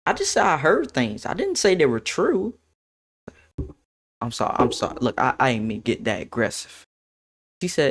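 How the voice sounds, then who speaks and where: Lively young man telling stories to chat. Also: fairly high pitch, normal speed, pauses often, husky. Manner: animated, laughs, quotes others in shifting voices. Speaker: streamer. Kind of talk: casual storytime to stream chat.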